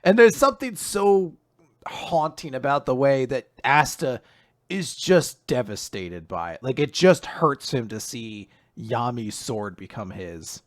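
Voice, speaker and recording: A man co-hosting a podcast, recapping manga in casual, animated chat and laughing often. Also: mid-range voice, measured pace, dry recording, studio quality. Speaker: podcast co-host.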